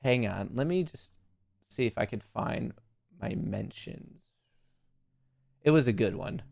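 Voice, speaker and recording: A man's voice: medium pitch, expressive, slow pace, vocal fry, a little mellow, no room sound, studio quality. A man hosting a live stock market stream, chatting in a joking, rambling, self-mocking way.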